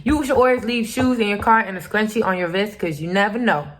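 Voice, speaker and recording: A young woman vlogger recounts a personal story in a casual, emphatic way. She is blunt and profane, and her voice sits at a middle pitch. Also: fast talker, slight background noise. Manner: candid, profane, emphatic retelling.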